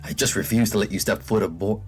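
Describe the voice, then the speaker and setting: A man's voice: on the low side, fast talker, darkish tone, faint music behind, lightly acted. A man voicing a nervous, proud young royal guard in a game, speaking stiffly and stammering when flustered.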